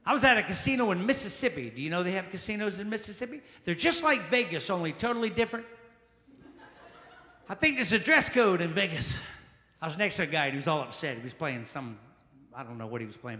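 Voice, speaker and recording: Stand-up guy from charleston, loud punchy crowd work, high bright voice, roomy echoey club. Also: lively intonation, a little fast. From Charleston, South Carolina. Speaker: stand-up comedian. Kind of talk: stand-up comedy set. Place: small jazz club. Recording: echoey club room with long reverb.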